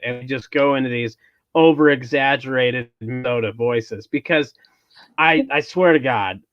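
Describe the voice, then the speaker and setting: A man's voice: medium pitch, normal speed, no room sound, muffled recording. A man hosting a podcast, chatting casually and telling a story, often restarting his sentences. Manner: rambling storyteller, restarts, mock Minnesota accent in quotes. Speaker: podcast host. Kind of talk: casual chat.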